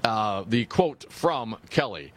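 A man's voice: on the low side, very animated, slow pace. A man from co-hosting political talk radio, wry and joking as he reads news. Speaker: radio talk show co-host.

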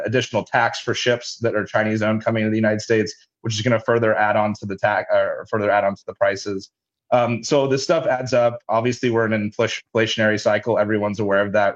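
A man's voice: fairly low pitch, muffled recording. A man, head of a logistics company, explaining things in a businesslike way as an interview guest. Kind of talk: interview answers.

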